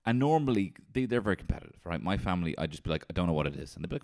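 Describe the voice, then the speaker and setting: Man, very deep voice, lively swooping pitch, comic monologue, swears a lot. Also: racing, few pauses. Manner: animated, sweary, jumps into shouted impressions. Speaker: comedian. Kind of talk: storytelling comedy monologue.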